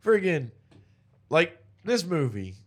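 Male co-host, lively and crude, joking movie-talk, slightly higher voice. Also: slow pace, breathy edge. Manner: animated, profane, joking. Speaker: podcast co-host. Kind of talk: casual movie review chat.

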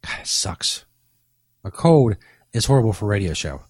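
A man's voice: on the low side, very animated, normal speed, darkish tone, breathy edge, dry recording. A man hosting a comedy podcast with a rambling, boastful, profane monologue, coming down with a cold. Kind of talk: crude comic monologue.

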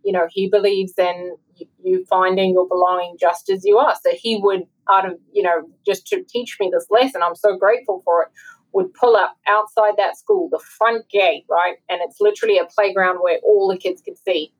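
In an interview conversation, a guest author from South Africa shares personal stories earnestly and from the heart. She has a mid-range voice with fairly even intonation and normal speed, though the audio is poor.

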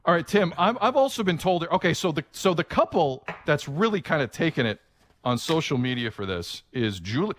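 A man co-hosting a sports talk show, joking and sarcastic in quick banter. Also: on the high side. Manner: jokey, sarcastic, animated.

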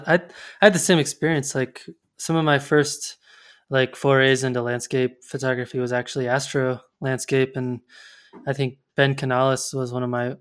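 A man's voice: mid-range voice, a bit bright, clear, resonant tone. A man hosting a casual interview chat, friendly and full of "like" and "um". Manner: friendly, uses "like" and "um" a lot. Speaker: podcast host.

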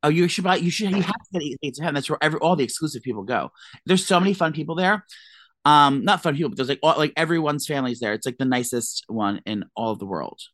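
Casual chat, woman, deep for a woman, dry booth sound. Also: lively intonation, fast talker, dry recording. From New Jersey. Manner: joking, rambling, lots of fillers. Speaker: podcast co-host.

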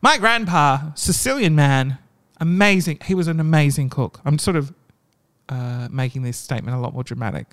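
A man reading stories aloud and breaking off into hushed, emotional asides. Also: medium pitch, fairly even intonation, fairly quick. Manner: reactive, drops to hushed asides between readings.

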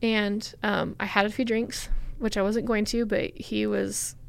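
A woman's voice: medium pitch, flat delivery, gravelly, clear, resonant tone. Candid young woman telling her story. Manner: candid, halting, with many fillers. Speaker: guest. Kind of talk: personal storytelling in a podcast interview.

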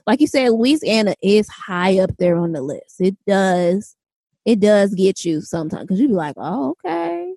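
A woman's voice: mid-range voice, moderate pace, mellow, no room sound. A young woman co-hosting a podcast in casual chat, loose and talkative, full of "like" and "um". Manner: loose and chatty, lots of "like" and "um". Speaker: podcast co-host.

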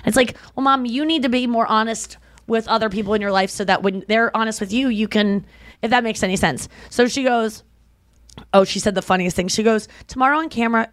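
A woman's voice: on the high side, a little fast, dry recording, studio quality. A young woman co-hosting a podcast, telling stories in a chatty, gushing way full of "like" fillers. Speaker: podcast co-host. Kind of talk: casual podcast chat.

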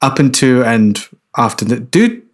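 A man's voice: mid-range voice, sing-song, measured pace. A man co-hosting a film podcast in casual chat, laid-back, saying "dude" and swearing casually. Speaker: podcast co-host.

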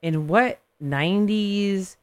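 A radio host with a lisp talks about music in a loose, jokey way and laughs easily. The voice is smooth and clean. The sound is close and dry, with no room around it. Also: medium pitch, dry recording. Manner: chatty, jokey and quick to laugh. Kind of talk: casual music chat.

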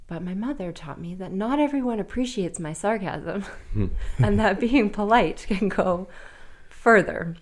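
A woman in her thirties with a lowish voice appears as a podcast guest, sharing an emotional personal story. She speaks earnestly and haltingly, with bursts of nervous laughter.

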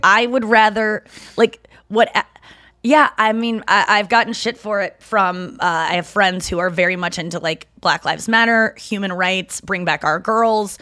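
A woman's voice: mid-range voice, normal speed, bright, forceful tone, no echo, studio quality. A woman co-hosting a podcast in casual chat, talking in rambling, self-interrupting bursts. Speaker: podcast co-host.

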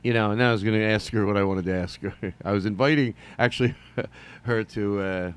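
A man hosting a solo comedy podcast, rambling through a story with jokey asides and quick mock voices. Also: on the low side, clear, resonant tone.

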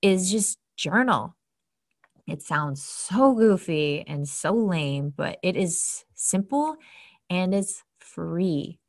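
A woman's voice: lowish voice, expressive, takes it slowly. A woman in her thirties giving casual self-help advice as a host, chatty and earnest, often acting out what people say to themselves. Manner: chatty, earnest, acts out inner voices. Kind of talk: casual motivational talk.

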